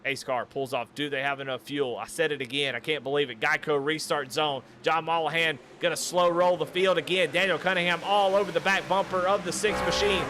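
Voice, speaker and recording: A man calling a sim race live, excitable and given to repeating the same questions. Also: a little high, fairly quick, few pauses. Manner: excitable, repeats questions, builds to shouting at the finish. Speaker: sim racing commentator.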